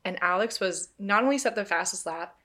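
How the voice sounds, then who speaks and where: A woman's voice: medium pitch, a little fast, a bit bright. Playful young woman co-hosting. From Canada. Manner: playful, laughing, blunt. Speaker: podcast co-host. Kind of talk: casual chat.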